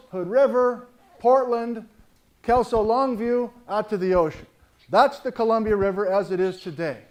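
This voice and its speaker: Lively high-voiced American male lecturer, storytelling delivery. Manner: animated storyteller, acts out quoted dialogue. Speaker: geology lecturer. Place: lecture hall before a live audience.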